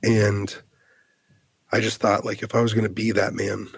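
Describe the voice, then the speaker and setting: An American man in his thirties, a podcast guest, telling a personal story in an earnest, halting way, full of fillers and restarts. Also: fairly low pitch, flat delivery, gravelly, breathy edge, dry recording. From United States.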